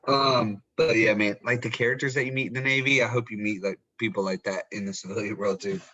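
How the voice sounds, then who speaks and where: A man's voice: on the low side, steady tone, fast talker, bright, forceful tone, lo-fi sound. A young man hosting a casual podcast from home, telling loose, profane stories. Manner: laid-back, profane storytelling. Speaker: podcast host. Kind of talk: casual chat.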